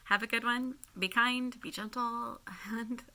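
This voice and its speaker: A woman hosting her podcast in a casual solo update, rambling and apologetic with many fillers, laughing often. She is in chronic pain, and her voice turns high and shrieky. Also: fairly even intonation, a little slow, sharp tone. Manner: laughs often while talking. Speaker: podcast host.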